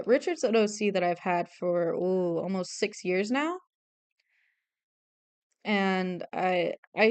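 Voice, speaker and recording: A young woman chats casually into a desk mic while she draws on stream. Her voice is smooth and clear and sits at an ordinary pitch. The sound is dry and close. She rambles, laughs easily and makes fun of herself. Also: no echo. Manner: chatty, rambling, self-deprecating, laughs often. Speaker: streamer and artist. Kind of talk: casual chat while drawing.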